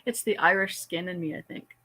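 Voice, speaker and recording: A hoarse woman chatting casually on a live stream, giggling often. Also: fairly low pitch, brisk, sharp tone, low-quality recording. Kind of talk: casual chat.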